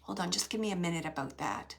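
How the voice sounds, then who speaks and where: A woman giving a live mediumship reading, halting and searching, with many fillers as she relays messages. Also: on the low side, expressive, vocal fry. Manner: relays spirit messages to the sitters.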